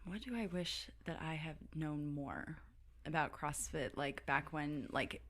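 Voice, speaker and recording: A woman's voice: sits low, a little slow, fairly bright tone, slight background noise. A woman in her thirties, a podcast guest chatting casually and telling stories, filling her talk with "like". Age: 30s. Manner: chatty storyteller, heavy use of "like". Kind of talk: casual interview chat.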